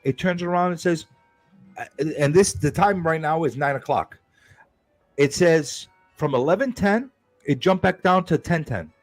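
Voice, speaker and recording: A man tells a story on a live stream in an animated, profane rant. His pitch swings widely and sits a little high. The sound is dry and close, with faint music underneath. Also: unhurried, no echo.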